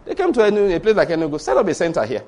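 A middle-aged Nigerian pastor with a Yoruba accent, preaching in an animated storytelling way and acting out conversations. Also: male voice, fairly high pitch, rapid-fire. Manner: animated storytelling, acts out dialogue, rhetorical questions. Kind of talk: sermon.

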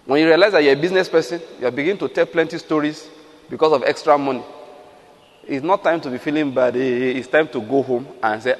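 A man's voice: on the high side, quick pace, in a large hall. A man preaching a sermon, emphatic, asking the listeners rhetorical questions and acting out quotes.

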